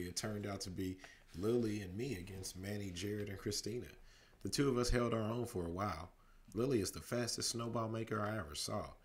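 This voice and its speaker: A man reading a storybook aloud as a bedtime story, steady narration broken by lively voices for the characters. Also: fairly low pitch.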